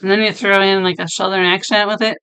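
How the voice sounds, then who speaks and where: A woman streamer chatting casually with her viewers, her voice deep and hoarse from being sick, laughing often. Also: flat delivery, fast, sharp tone. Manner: chatty, laughing, talks to chat by name. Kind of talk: casual chat reading stream chat.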